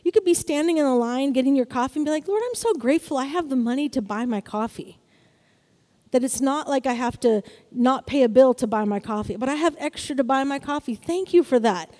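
A woman preaching to a congregation. Her voice sits high but sounds mellow and warm, and she keeps an upbeat tone, often checking in with her listeners. The sound carries a long church-hall reverb. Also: expressive, a little fast. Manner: upbeat, calls out "Amen?" to the congregation. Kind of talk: sermon.

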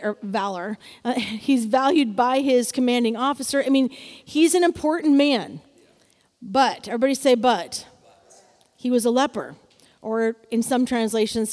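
Female preacher, high voice, lively sermon delivery, hall reverb. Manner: expressive, calls for congregation responses. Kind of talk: sermon with scripture reading.

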